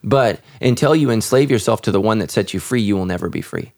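A man's voice: fairly low pitch, fast, a little mellow. A man who is a pastor and podcast host, talking earnestly, often repeating words and restarting. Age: adult with children. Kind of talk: casual podcast conversation.

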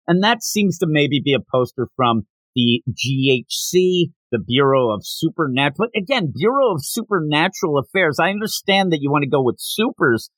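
Animated man recapping a manga. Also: on the high side, no echo. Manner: animated, quick recaps with laughs and quoted lines. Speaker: podcast co-host. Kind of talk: casual chat reviewing manga.

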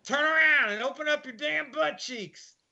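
A man doing a gruff drawling Kentucky prison guard. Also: very high voice, moderate pace, bright, forceful tone, highs cut off, voice pushed up, full character voice. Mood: barking. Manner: barking orders.

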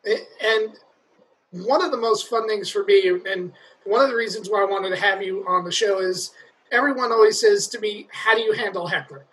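High-voiced, bright man hosting. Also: normal speed, rough recording. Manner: enthusiastic, admiring questions. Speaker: podcast host. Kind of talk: casual interview chat.

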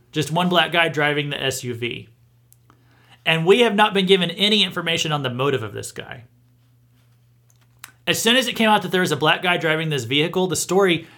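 A man's voice: fairly high pitch, sharp tone. A man hosting a podcast, giving indignant news commentary with emphatic restarts. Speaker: podcast host.

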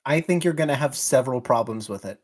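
A man's voice: medium pitch, animated, fast. A man co-hosting a film podcast in casual chat, bantering playfully and exclaiming often. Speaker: podcast co-host.

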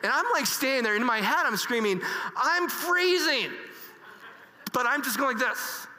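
A man telling a personal story earnestly, halting with many restarts and fillers. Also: very high-pitched, pushed and bright, slight background noise. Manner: earnest and emotional. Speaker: speaker. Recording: reverberant hall.

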